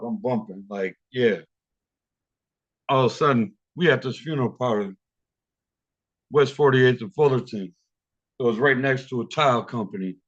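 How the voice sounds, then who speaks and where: Male open mic storyteller, profane and vivid, bright voice, lo-fi call audio. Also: on the high side.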